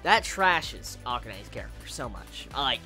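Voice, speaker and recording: Woman ranting abt an anime ep, swears a lot, trips over her words, bright voice bouncing all over, faint music behind. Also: extremely low pitch, big pitch swings, unhurried. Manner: profane, exasperated, stumbles and repeats words. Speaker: anime reviewer. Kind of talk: ranting episode review.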